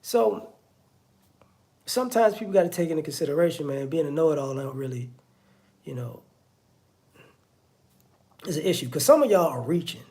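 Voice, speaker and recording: This man, an online commentator, speaks in a fairly high, dark-toned voice at normal speed. He's expressive and pauses often. His casual monologue is conversational and repetitive, full of "you know what I'm saying."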